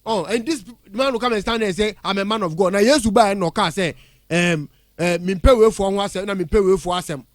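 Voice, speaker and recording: A man's voice: high voice, fast talker, no room sound. A man with a Ghanaian accent giving heated, blunt radio commentary in a studio, mixing English with Twi. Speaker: radio entertainment pundit. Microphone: studio mic.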